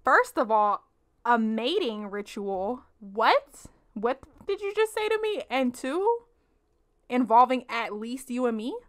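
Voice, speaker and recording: A young woman casually commenting on her life-sim game for viewers, animated, laughing and slangy. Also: fairly high pitch, takes it slowly. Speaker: let's play host.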